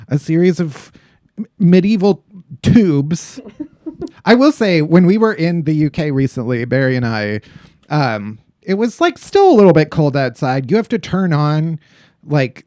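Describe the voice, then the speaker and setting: Animated high-voiced comedy podcast host. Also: male voice, no echo, studio quality. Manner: animated, chatty, laughs often. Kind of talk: casual comedic podcast monologue.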